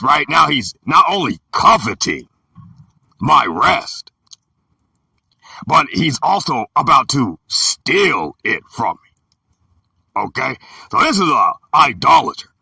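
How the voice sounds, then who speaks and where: A man in his fifties telling a story in an emphatic, preachy way, sometimes shouting, with a gravelly, raspy voice. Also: mid-range voice, no echo. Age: 50s. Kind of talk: storytelling talk. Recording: dry and distant from the mic.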